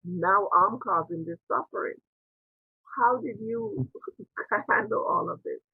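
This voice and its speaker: A woman interviewer speaks over a tinny, phone-like video call with a gravelly, husky texture to her voice. She talks earnestly and wanders through her story, voicing her own past thoughts as quotes. The sound is dry and close. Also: medium pitch, takes it slowly, no room sound. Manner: earnest, digressive, with quoted inner dialogue. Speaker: spiritual interviewer and priestess. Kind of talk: reflective personal storytelling.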